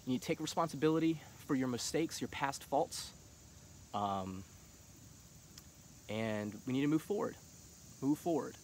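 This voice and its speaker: Speaking at a normal speed with long pauses, a middle-aged vlogger of medium pitch rants casually about politics, with slight background noise behind him. He uses lots of fillers, and his passion rises to heated shouting.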